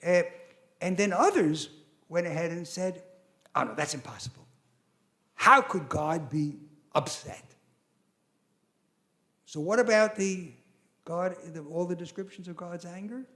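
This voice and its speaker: An older man giving an academic lecture, telling stories animatedly with quoted voices and asides. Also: high-pitched.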